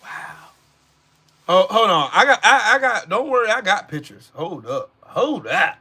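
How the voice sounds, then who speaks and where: A man's voice: high-pitched, big pitch swings, unhurried, bright, forceful tone, breathy edge. A man angrily ranting on a live political stream. He talks profanely and mockingly, and often repeats himself and restarts his sentences.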